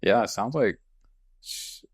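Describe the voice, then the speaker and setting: Low-voiced man reacting in casual chat. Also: slow pace. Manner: short reactions, laughs along. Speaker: podcast co-host.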